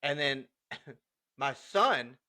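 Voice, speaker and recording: Animated bright-voiced man telling stories. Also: medium pitch, very slow. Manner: animated, laughing, acts out dialogue. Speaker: podcast co-host. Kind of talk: casual storytelling chat.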